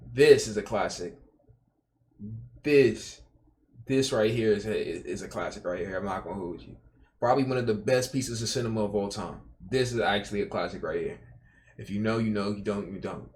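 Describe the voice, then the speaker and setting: A man's voice: fairly low pitch, quick pace, slight background noise. Man, young adult, streamer, casual reaction commentary, rambling, profane, addresses chat. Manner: rambling, repeats himself, swears, talks to chat.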